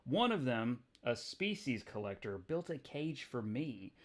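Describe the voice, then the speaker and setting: A man voicing a brooding, cocky young superpowered man in a low, muttered delivery. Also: sing-song, a little slow.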